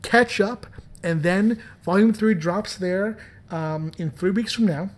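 A man's voice: high voice, slow pace. A man hosting a podcast and talking about his comics in a playful, joking, chatty way. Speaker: podcast host and comics writer. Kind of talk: casual podcast commentary.

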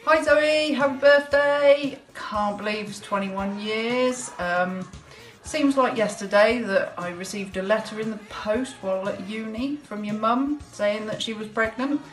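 A woman's voice: fairly high pitch, measured pace, soft background music. A woman and old family friend telling a chatty, wry birthday story in a video message. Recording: echoey room.

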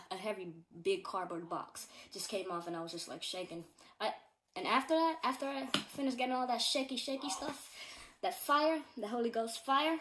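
A teenage girl with a medium-pitched voice gives a casual personal testimony from her bedroom at home. She's earnest and rambling, with many fillers and repeats, and there's slight background noise.

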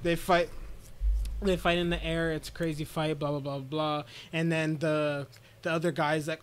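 A man with a slightly high voice talks through an anime episode for his podcast co-hosts. He tells it like a story and throws himself into the characters' lines, keeping it loose and conversational. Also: fairly even intonation, moderate pace, fairly bright tone. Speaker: podcast co-host. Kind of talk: casual chat, recapping an anime episode.

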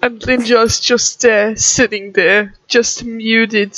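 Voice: medium pitch, flat delivery, slow pace, pushed and bright, highs cut off, slight background noise. A chat member making laid-back, teasing remarks in a casual voice chat.

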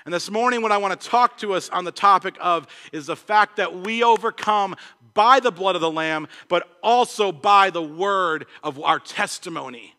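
A male pastor preaching an earnest sermon, swinging between emphatic points and hushed asides. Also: high voice, normal speed, big-room sound. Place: church.

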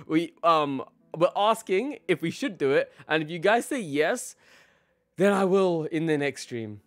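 A man's voice: sits high, big pitch swings, moderate pace, fairly bright tone, no echo, faint music behind. A young man live-streaming a game, casually greeting his chat by name and laughing often.

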